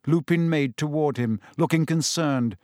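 A man giving an expressive, deliberate audiobook narration. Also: fairly high pitch, no room sound, clean studio sound.

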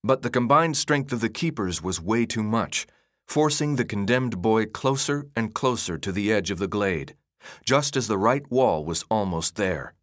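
A man reading a novel aloud in a dramatic, expressive narration style. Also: on the low side, moderate pace, dry recording, studio quality. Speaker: audiobook narrator. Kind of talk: scripted narration.

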